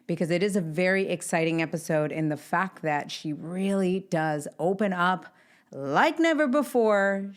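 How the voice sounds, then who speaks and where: A middle-aged woman hosts her podcast in a lively, chatty way, speaking straight to her listeners. Her voice sits a little low for a woman. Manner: upbeat, chatty, addresses listeners directly. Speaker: podcast host. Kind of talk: casual solo podcast intro.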